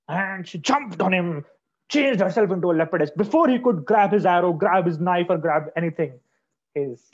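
A man telling a story to children in an expressive, dramatic way over a video call. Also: high-pitched. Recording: dull lo-fi online call audio.

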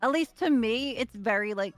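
Scouse-ish woman guest, bit high voice, rambles and restarts a lot. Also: expressive, moderate pace, faint music behind. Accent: mild Liverpool English. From Liverpool, England. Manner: rambling, many restarts, swears casually. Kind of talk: casual chat.

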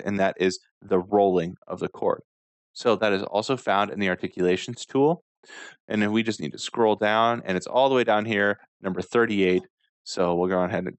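A man, a music instructor, calmly talking through a screen-recorded software tutorial step by step. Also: deep voice, no room sound. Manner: calm step-by-step walkthrough.

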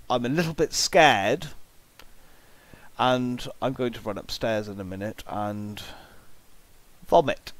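A man's voice: medium pitch, dry recording. A man giving comic, exasperated reaction commentary, jokingly disgusted and theatrical.

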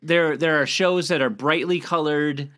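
A man with a bright, forceful tone co-hosts a podcast in relaxed conversation. He often stammers and starts over, then finishes his thought with quick agreement. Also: a little high. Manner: stammers and restarts, agreeable interjections. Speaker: podcast co-host. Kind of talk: casual chat.

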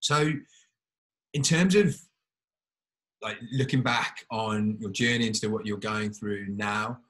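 Earnest man, lowish voice. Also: slow, a bit bright, low-quality recording. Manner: earnest, rambling, encouraging. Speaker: podcast host. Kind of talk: casual interview chat.

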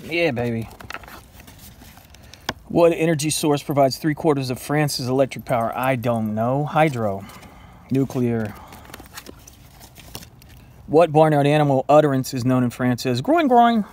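Male vlogger, mid-pitched, playful self-quiz banter with a self-mocking edge, faint background noise. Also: expressive, normal speed, pauses often, a little mellow. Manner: playful, self-mocking, talks to his dog. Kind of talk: casual trivia self-quiz while eating.

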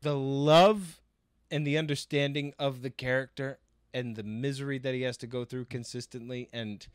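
A man's voice: medium pitch, steady tone, moderate pace, clear, resonant tone, no echo. A man co-hosting a podcast in casual chat, rambling and joking. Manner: rambling, jokey, full of fillers. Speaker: podcast co-host.

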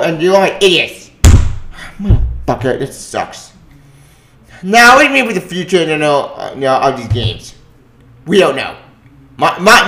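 A gaming vlogger delivers an angry, profane solo rant. He stumbles, repeats himself and keeps circling back to his complaint. His voice sits slightly high and rings in an echoey room. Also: sharp tone. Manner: profane, agitated, repetitive, halting.

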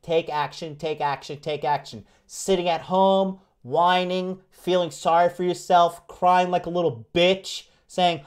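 A man's voice: high-pitched, fairly even intonation, normal speed, hardly any pauses, clean tone. A man hosting a livestream as a dating coach, delivering a brash, profane motivational rant with hammering repetition and mocking whiny voices.

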